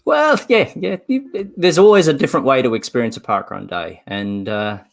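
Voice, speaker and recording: Upbeat Australian livestream co-host. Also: male voice, medium pitch, expressive, moderate pace, gravelly. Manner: upbeat, self-deprecating. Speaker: co-host, guest. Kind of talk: casual livestream chat.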